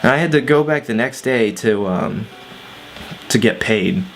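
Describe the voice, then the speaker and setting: A man's voice: mid-range voice, animated, unhurried, soft background music. A man casually telling a personal story on his vlog, laid-back with lots of fillers and swearing. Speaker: vlogger.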